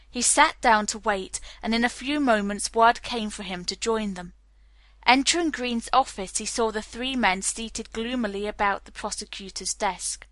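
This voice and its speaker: Woman reading a mystery novel aloud, bright higher voice, dead dry sound. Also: dry recording. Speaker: audiobook narrator. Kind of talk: scripted narration.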